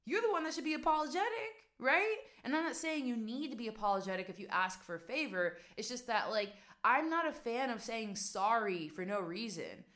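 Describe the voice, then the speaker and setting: Her voice is fairly high and bright, lively in intonation, brisk, and nearly pause-free. This young West Virginian vlogger and coach gives casual advice straight to camera, emphatic and talkative, firing off rhetorical questions.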